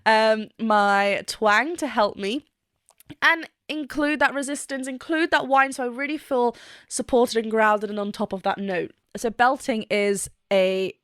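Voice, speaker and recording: A woman's voice: on the high side, measured pace, fairly bright tone, no room sound, clean studio sound. A woman vocal coach teaching singing in a casual, giggly way, often breaking into laughter and self-mocking asides. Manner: giggly, self-mocking, demonstrates with sung notes.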